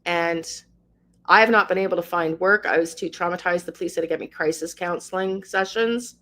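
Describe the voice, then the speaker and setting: A woman's voice: fairly low pitch, fairly quick, fairly bright tone. A woman in her fifties, a channel host, speaking in an emotional monologue, ranting with passion and fighting back tears. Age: 50s.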